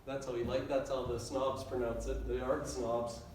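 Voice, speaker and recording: A man's voice: mid-range voice, level tone, normal speed, a little mellow, slight background noise. A man preaching a sermon as pastor, earnest and repetitive, building rising appeals. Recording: echoey church hall from far off.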